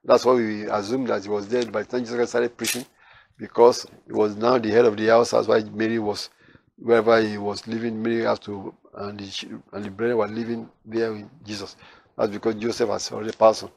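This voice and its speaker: A man teaching the Bible verse by verse, reading scripture aloud and then explaining it in loose, halting asides. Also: lowish voice, little pitch movement, vocal fry, no room sound.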